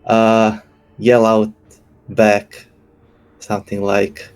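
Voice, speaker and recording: A man's voice: on the low side, fairly even intonation, slow, creaky, long pauses, darkish tone. A man playing a tabletop game, hesitant and unsure, thinking aloud. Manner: hesitant, unsure, laughs nervously. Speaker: player. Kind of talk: casual tabletop game play.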